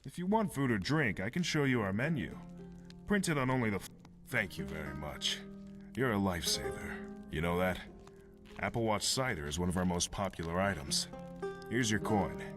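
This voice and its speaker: A man's voice: lowish voice, lively intonation, moderate pace, close to an everyday voice. A man playing a grateful tavern keeper. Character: friendly male tavern keeper. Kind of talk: video game dialogue. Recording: game audio with guitar music.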